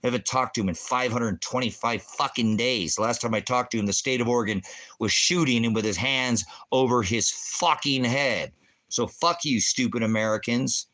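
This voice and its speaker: Speaking at a moderate pace in a mid-range voice, a middle-aged man who is a veteran runs a ministry livestream. His talk is an angry rant full of profanity as he combatively yells insults at chat.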